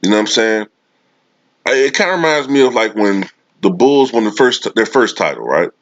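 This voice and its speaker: A man's voice: on the low side, big pitch swings, moderate pace, no echo. A man delivering a sarcastic, profane sports commentary rant. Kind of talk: casual ranting commentary. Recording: dull lo-fi dry recording.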